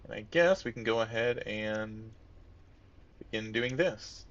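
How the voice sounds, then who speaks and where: A let's-play gamer comments casually on his gameplay, thinking aloud and muttering to himself. His voice is lowish and unhurried, and the recording has its highs cut off.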